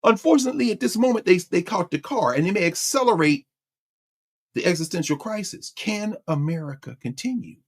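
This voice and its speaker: A man's voice: on the high side, creaky. A man hosting a lecture show, giving fiery, sermon-like political commentary with slang, sarcasm and laughter. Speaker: host and lecturer.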